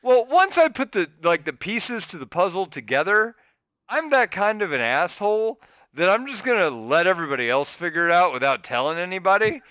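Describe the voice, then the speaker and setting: Bright, lively-voiced man telling a story. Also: sits high, brisk, clean tone, no room sound. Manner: animated, profane, laughs mid-story. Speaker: podcast host. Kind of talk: casual storytelling. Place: studio for a live stream.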